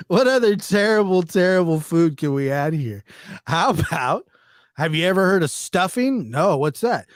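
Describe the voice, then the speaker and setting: A man doing a comic storytelling monologue, acting out characters with sudden jumps in pitch. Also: lively intonation, measured pace, smooth, no echo, studio quality. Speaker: stand-up comedian.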